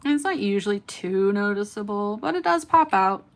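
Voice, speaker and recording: A woman's voice: medium pitch, animated, moderate pace. Woman, 30s, California accent, faint Southern lilt, smiling and chatty while hosting a nail livestream. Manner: smiling, chatty, talks to live viewers by name. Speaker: nail art livestream host. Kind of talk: casual chat while doing nails.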